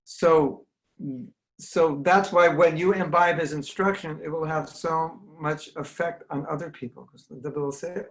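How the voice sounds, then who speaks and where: An American spiritual teacher gives an earnest, conversational online talk with questions over a video call, acting out the voices he quotes. His voice is fairly high with fairly even intonation, a little slow, and the recording is low quality.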